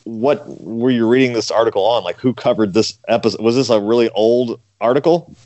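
A man's voice: medium pitch, fairly quick, no echo, poor audio. A man co-hosting a podcast, chatting casually and steering the segments. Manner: relaxed, leads the segments. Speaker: podcast co-host. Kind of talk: casual chat.

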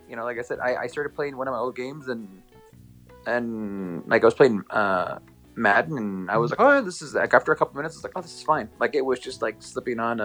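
A man in a casual gaming chat who talks quickly and in an easygoing way. He often quotes his own reactions. Faint music plays in the background. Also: mid-range voice, a bit bright.

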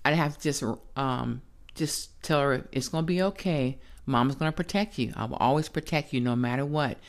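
A woman's voice: extremely low pitch, normal speed. An older woman, a grandmother, speaking as a podcast guest and giving a blunt, plain-spoken personal testimony.

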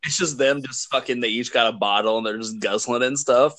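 A man's voice: mid-range voice, a little fast, hardly any pauses, fairly bright tone, no echo. A man co-hosting a podcast, chatting casually with enthusiasm, rambling with lots of fillers and swearing. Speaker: podcast co-host. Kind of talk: casual chat.

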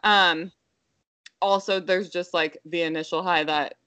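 A woman's voice: fairly low pitch, a little slow, clean tone, no echo. A woman co-hosting a casual chat, telling stories animatedly with frequent laughs. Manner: animated storytelling, laughs often, mimics a toddler's voice.

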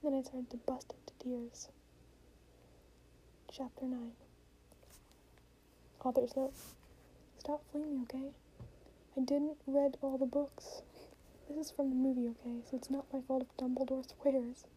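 A young woman reads fan fiction aloud, slipping into whispers and dry asides. Her voice sits high but stays flat and mellow. A faint hiss runs underneath. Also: a little slow, long pauses, poor audio. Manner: often whispering, deadpan asides. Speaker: reader. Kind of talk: mock-dramatic reading of fan fiction.

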